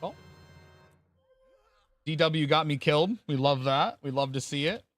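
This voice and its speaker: Bright-voiced rambling game streamer man. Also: on the high side, measured pace, no echo, faint music behind. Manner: rambling, chatty, thanks viewers by name; casual swearing. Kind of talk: casual live-stream chat.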